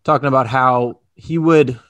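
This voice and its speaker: A man's voice: mid-range voice, steady tone, normal speed, a bit bright, no room sound, lo-fi sound. A man co-hosting, asking casual interview questions in a friendly, affirming way. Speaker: podcast co-host.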